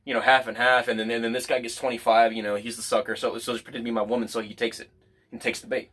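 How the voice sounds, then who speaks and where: Bright-voiced man rambling a street story. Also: mid-range voice, flat delivery, rapid-fire. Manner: rambling, repeats words, swears freely. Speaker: guest. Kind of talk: casual storytelling chat.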